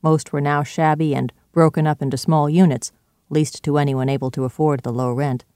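A man narrating a classic story aloud in a steady, even reading. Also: on the high side, normal speed, smooth, dry recording, clean studio sound.

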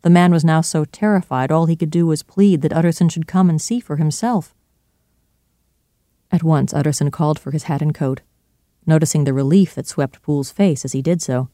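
A man narrating a classic novel as an audiobook in clear, steady storytelling. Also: fairly high pitch, normal speed, no echo, clean studio sound. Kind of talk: scripted narration.

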